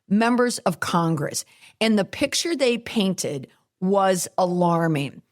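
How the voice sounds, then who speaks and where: A middle-aged woman hosting a commentary podcast, talking in a wry, chatty way with quick asides. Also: lowish voice. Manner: wry, chatty, laughs at her own asides. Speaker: podcast host.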